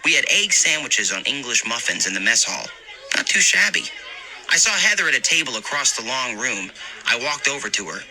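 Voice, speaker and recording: A man narrating a scary story in a lively, expressive reading. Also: mid-range voice, a little fast, rough recording. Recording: narration over loud background music.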